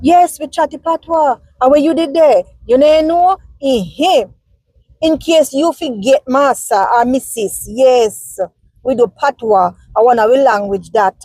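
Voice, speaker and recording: A woman's voice: high voice, measured pace, warm tone, no room sound, poor audio. A woman from Jamaica with a Jamaican accent, talking casually and animatedly to her viewers as a vlogger, answering their comments.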